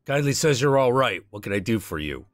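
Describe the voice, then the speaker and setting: A man's voice: mid-range voice, big pitch swings, brisk, no echo, clean studio sound, voice pushed up, lightly acted. A man voicing a cheerful, hungover cyber-doctor in his forties with a loose Midwestern accent, his words piling together. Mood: jovial.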